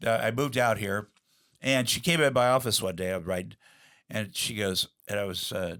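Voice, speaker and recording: A man's voice: fairly low pitch, fast, a bit bright. Rambling middle-aged man telling stories. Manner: rambling, many fillers and restarts, acts out quotes. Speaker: guest. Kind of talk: candid storytelling interview.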